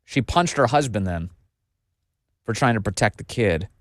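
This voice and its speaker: A man's voice: fairly low pitch, lively intonation, normal speed, no room sound, studio quality. A man hosting a casual political commentary show, reading documents aloud with a mocking, incredulous tone.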